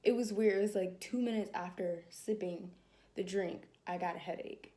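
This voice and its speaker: A young woman telling a personal story to camera in a casual vlog, animated and laughing as she acts out her own thoughts. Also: medium pitch, moderate pace. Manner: animated, laughing, acting out her inner dialogue. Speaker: vlogger.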